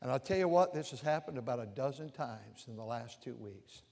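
An older male preacher giving a sermon, animated and repetitive, swinging from loud outbursts to hushed confessions. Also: medium pitch, brisk, vocal fry. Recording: long reverb of a large hall.

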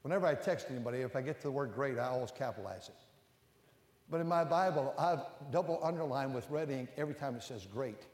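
An older man preaching a sermon as a pastor. He climbs to loud, emphatic peaks and then drops low and close. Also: animated, quick pace. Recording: echoey hall with long reverb.

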